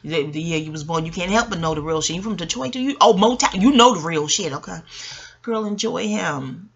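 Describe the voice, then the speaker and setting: A woman's voice: fairly low pitch, expressive, a little fast, slightly rough, dull audio. A woman giving a casual, rambling review of a reality TV episode, chatty and profane, with frequent asides to the listener. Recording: faint background noise.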